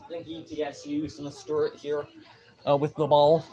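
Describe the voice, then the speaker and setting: A young man streaming live, rambling excitedly and with mild swearing as he reacts to a football game. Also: fairly high pitch, normal speed, highs cut off.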